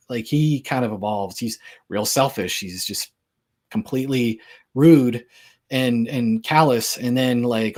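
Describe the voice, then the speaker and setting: A man's voice: medium pitch, darkish tone. A man giving a casual lecture on Christian apologetics in a conversational, joking way, with lots of filler words.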